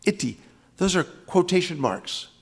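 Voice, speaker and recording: A man's voice: high voice, very animated, unhurried, breathy edge. An older man from the US East Coast giving an emphatic, dramatic lecture on scripture, repeating key phrases for weight. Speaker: spiritual teacher.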